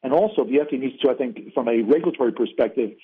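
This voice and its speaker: A man's voice: medium pitch, rapid-fire, husky. A man speaking as an interview guest over the phone, fluent and policy-focused, with frequent "you know" fillers. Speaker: interview guest, former agency official. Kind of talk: interview on a call-in line. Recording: tinny phone line.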